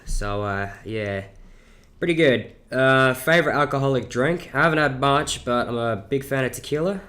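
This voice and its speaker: A man's voice: mid-range voice, normal speed, pushed and bright. A seventeen-year-old man with a South Australian accent, rambling through a casual Q&A vlog with lots of fillers and swearing. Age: teens. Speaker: YouTuber.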